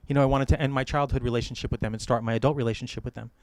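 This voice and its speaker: Fast-talking American officiant man. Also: mid-range voice, steady tone, dry recording. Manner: warm joking advice, gentle storytelling. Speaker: wedding officiant. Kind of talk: wedding ceremony address. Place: outdoor or hall wedding ceremony.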